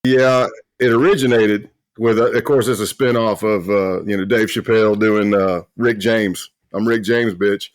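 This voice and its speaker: A man's voice: on the low side, fairly even intonation, moderate pace, dry recording. Boisterous middle-aged man telling stories. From South Carolina. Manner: loud and boisterous, brash. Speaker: guest, retired FBI agent. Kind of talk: casual interview storytelling.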